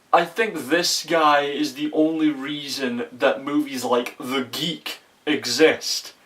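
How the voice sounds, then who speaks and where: A man's voice: a little high, steady tone, slow, hardly any pauses, fairly bright tone. A young man in a casual, profane movie review, rambling with restarts and often exasperated. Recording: voice a bit far from the mic.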